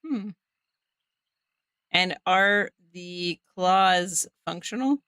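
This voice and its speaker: Bright-toned tabletop game player. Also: medium pitch, very slow, clean tone, dry recording. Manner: curious, questioning.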